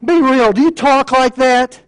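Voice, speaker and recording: A man's voice: very high voice, unhurried, clear, resonant tone. A male pastor preaching a sermon in a plain conversational way, with sarcasm and rhetorical questions.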